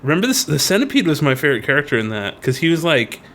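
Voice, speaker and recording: A man co-hosting a casual podcast chat, animated and laughing, slipping into silly voices. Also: a little high, fast. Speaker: podcast co-host.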